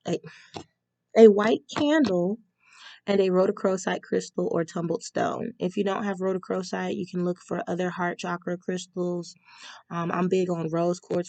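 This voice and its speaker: A woman with a lowish, gravelly voice talks through a tarot reading. She reads spell steps aloud in a chatty way, often pausing with ums. The sound is dry and close. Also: warm tone, no echo. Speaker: tarot reader.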